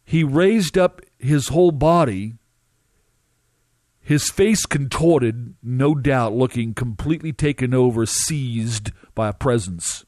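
A man recounting a dramatic first-person testimony as a minister, emphatic and halting, with drawn-out pauses. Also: medium pitch, a little mellow, no echo, studio quality.

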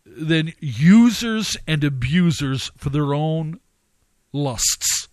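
A man's voice: a little high, lively intonation, very slow, a little mellow, dry recording. A man preaching a sermon, emphatic, with repeated phrases and sudden rising outbursts.

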